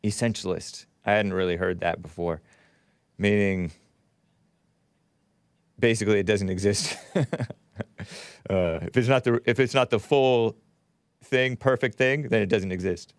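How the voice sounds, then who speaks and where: A man's voice: lowish voice, a little slow, pauses often, clean tone, no room sound. A man hosting a call-in talk show, chatting casually, laughing often and reading out listener comments. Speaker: radio call-in show host.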